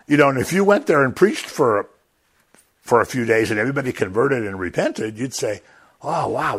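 A man teaching an informal Bible study in a relaxed, talkative way. His pitch swings widely as he acts out the quotes he tells, and he chuckles often along the way. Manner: animated, acts out quoted lines in raised voices, chuckles often.

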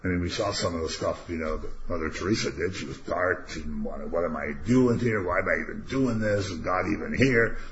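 An older man leading an informal Bible study, talking conversationally and turning animated when he quotes God. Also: deep voice, a little fast, creaky, hardly any pauses, echoey room. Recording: dull lo-fi recording with faint noise.

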